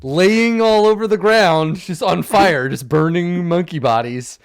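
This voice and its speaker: Game master narrating a tabletop fight, relaxed and chatty, mid-pitched. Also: a little slow, clean tone, dry recording, clean studio sound. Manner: casual, laughing often.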